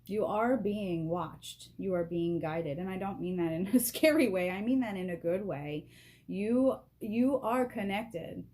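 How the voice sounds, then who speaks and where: A woman giving a casual spiritual card reading at a table, excitable and emotional, laughing often and speaking straight to the viewer through a camera propped on a box. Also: mid-range voice, measured pace. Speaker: vlogger doing a card reading. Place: at a table indoors.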